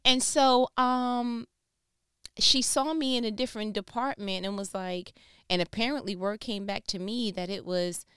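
A woman from New York tells a casual story to camera, with a smooth, clear voice. Her delivery is emphatic and expressive, and she slips into other people's voices as she goes. The sound is dry and close, with no room around it. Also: medium pitch, unhurried, no echo. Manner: emphatic and expressive, acts out voices, laughs between lines. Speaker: storyteller recounting a work conflict.

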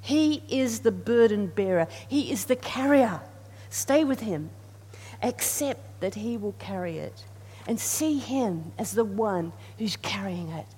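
A woman's voice: medium pitch, animated, takes it slowly, warm tone, husky. A woman preacher giving a sermon, earnest and repetitive, leading the congregation in call and response. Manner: earnest, repeats phrases, leads the congregation in responses. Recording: reverberant hall with faint hum.

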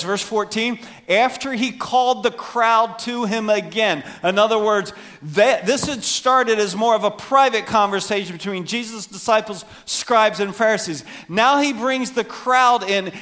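Animated high-voiced man preaching. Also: unhurried, few pauses. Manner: animated, acts out voices for emphasis. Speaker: pastor. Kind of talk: sermon.

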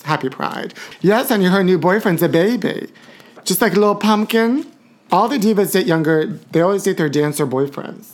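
Low-voiced campy woman host. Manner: campy, calls listeners honey, shrieks woo. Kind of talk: campy live-stream chat. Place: Los Angeles area.

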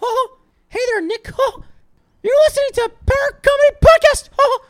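Casting: a chirpy, squeaky cartoon mouse in a piercing falsetto, all sing-song hellos. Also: male voice, normal speed, a bit bright. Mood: gleeful.

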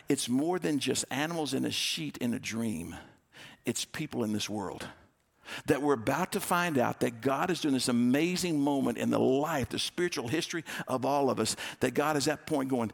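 Pastor guy preaching, gravelly edge to his voice, acts out the story people as he goes. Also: mid-range voice. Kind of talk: sermon storytelling.

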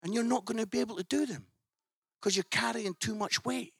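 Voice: medium pitch, fairly quick, gravelly, slightly rough, no room sound, clean studio sound. A speaker voicing an earnest football boss. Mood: hushed sad. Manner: pleading, then hushed and sorrowful. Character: passionate football manager, man, disappointed but kind.

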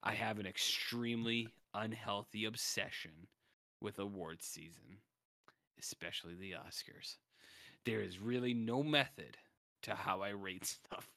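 A man co-hosting a loose comedy chat, reading reviews aloud with wry, teasing asides. His voice is strikingly bright and forceful. The sound is dry and close. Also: lowish voice, measured pace, creaky, dry recording. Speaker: podcast co-host.

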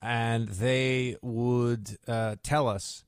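A man's voice: mid-range voice, fairly even intonation, extremely slow, smooth, dry recording, clean studio sound. A man hosting a talk radio show, rambling through sarcastic asides in a casual monologue.

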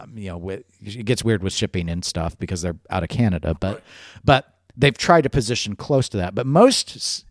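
A man's voice: fairly low pitch, dry recording, studio quality. A man hosting a casual podcast chat, talking in a digressive, jokey way. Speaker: podcast host.

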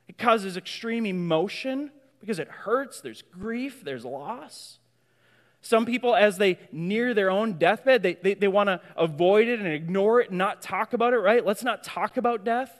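Emphatic male pastor in a reverberant hall. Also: high voice. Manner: emphatic, with many repeated words. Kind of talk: sermon.

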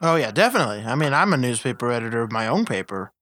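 A man's voice: mid-range voice, very animated, very fast, a bit bright, dry recording, studio quality. A man co-hosting a casual movie-review podcast, blunt and sarcastic, swearing freely. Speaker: podcast co-host.

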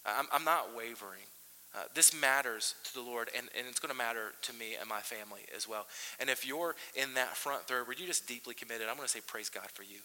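A man's voice: medium pitch, brisk. A man in his thirties, a pastor, preaching a sermon and telling stories with lots of restarts. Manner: animated storytelling with frequent restarts. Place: large church hall. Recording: long reverb of a church hall.

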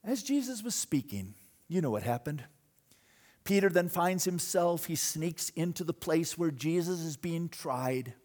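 A male pastor delivering a sermon with an animated storytelling manner. His voice sits a little high and swings widely in pitch, and it jumps between loud, excited bursts and quiet, hushed moments. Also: unhurried.

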